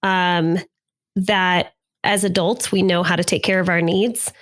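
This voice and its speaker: A woman's voice: lowish voice, fairly even intonation, unhurried, a bit bright. Woman co-hosting a therapy podcast. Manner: frequent agreeing backchannels. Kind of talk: casual conversational podcast.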